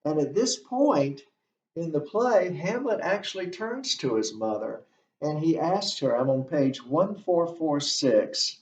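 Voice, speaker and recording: A male literature instructor giving a lecture, explaining a play at a deliberate pace and walking through the text line by line. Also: fairly high pitch. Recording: dull, distant, roomy recording.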